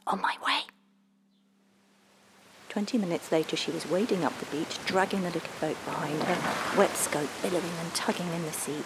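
A woman narrating a storybook in a measured, expressive way, sometimes dropping almost to a whisper. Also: low voice, vocal fry, very noisy.

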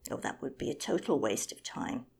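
A woman's voice: normal speed, darkish tone, close to an everyday voice. A woman voicing an arrogant, self-important male condor, king of the birds, in a whispered storybook reading. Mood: boastful.

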